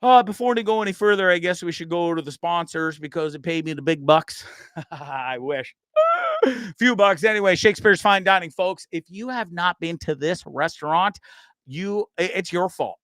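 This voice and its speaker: A Canadian man in his fifties hosting a live-streamed talk show, rambling and joking with lots of shout-outs and fillers. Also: sits high, lively intonation, normal speed, no echo. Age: 50s. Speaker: host.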